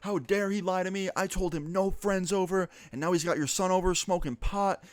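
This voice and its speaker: A man's voice: sits high, fairly quick, no echo, voice pushed up, natural voice. A man voicing a furious middle-aged mother who screams her threats down the phone. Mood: screaming furious. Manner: shrieking, enraged.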